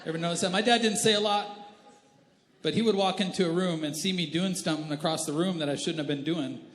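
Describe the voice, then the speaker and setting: Speaking quickly in a voice on the high side, a thirtysomething pastor shares humorous family stories in his sermon, poking fun at himself and making asides to the congregation. The roomy church hall adds long reverb, with slight background noise.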